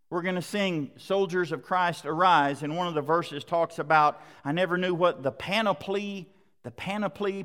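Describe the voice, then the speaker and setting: Guy preaching a sermon, punchy repeated lines, pretty high voice, echoey church hall. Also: a bit bright. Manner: emphatic, repetitive preaching cadence.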